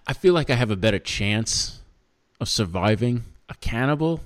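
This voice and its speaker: A man's voice: medium pitch, lively intonation, normal speed. A man co-hosting a podcast in casual, jokey, rambling chat, laughing often. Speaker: podcast co-host.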